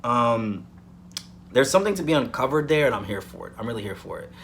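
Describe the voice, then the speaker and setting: A man's voice: mid-range voice, big pitch swings, fairly quick, creaky, a bit bright, slight background noise. A man giving a casual weekly soap opera review, rambling with frequent "um"s and repeating points for emphasis.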